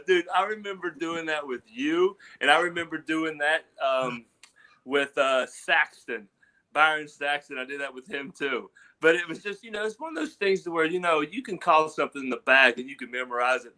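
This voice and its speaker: Laid-back wrestler, bright voice. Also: male voice, fairly high pitch, normal speed. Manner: laid-back Southern drawl, lots of "you know" and "man". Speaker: guest wrestler. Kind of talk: casual podcast storytelling.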